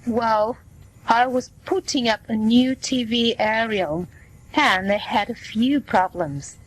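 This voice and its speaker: Sick guy patient in a learner dialogue, read by a woman, slow and breathy, kinda high. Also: low-quality recording. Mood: plain. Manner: slow, plain reading voice. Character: middle-aged man with a cold, chatty patient.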